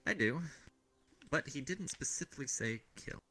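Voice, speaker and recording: A man's voice: medium pitch, animated, moderate pace, sharp tone, breathy edge. A man in a roleplay session, talking in an easygoing, mild way. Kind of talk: in-character roleplay.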